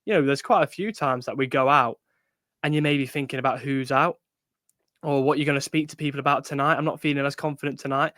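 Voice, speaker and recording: A man's voice: medium pitch, fairly even intonation, fast, a bit bright, dry recording, studio quality. A young man co-hosting a podcast, talking in a supportive, conversational way. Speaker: podcast co-host. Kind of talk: casual chat.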